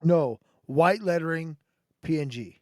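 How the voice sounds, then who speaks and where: A man's voice: on the high side, unhurried, darkish tone. A man co-hosting a casual livestream, brash and teasing, swearing constantly. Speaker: co-host.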